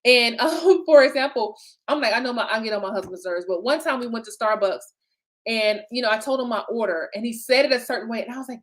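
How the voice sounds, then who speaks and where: A lively woman business coach leads a live online session in a chatty, encouraging way. Her voice sits a little high, and she talks as if straight to her group, often stopping to check they follow. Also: fast. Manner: lively, chatty, repeats "okay?" and "right?".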